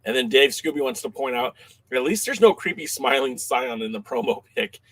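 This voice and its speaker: A man co-hosting a wrestling podcast in casual chat, animated and quick to laugh, reading out listener comments. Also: medium pitch. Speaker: podcast co-host.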